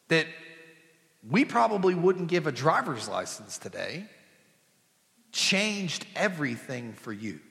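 A young male pastor preaching in a church with a slightly high, bright, forceful voice. He talks to the congregation in a loose, conversational way and slips jokes and family stories into the message. His voice carries a long, ringing reverb from the hall. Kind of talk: sermon.

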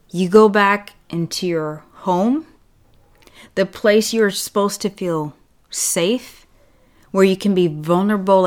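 Slow, blunt, sarcastic woman vlogger. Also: mid-range voice. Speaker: relationship and self-care vlogger. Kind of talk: casual direct-to-camera monologue.

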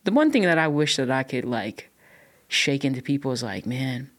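A woman's voice: very deep voice, animated, moderate pace. Passionate woman sharing her faith. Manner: passionate, emphatic testimony. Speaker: podcast guest. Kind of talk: casual podcast conversation.

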